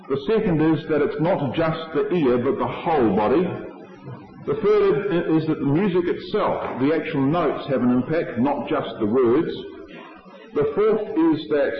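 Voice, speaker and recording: A man giving a sermon, explaining his points in a measured way to a congregation. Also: fairly high pitch. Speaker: preacher. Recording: echoey hall, dull lo-fi sound.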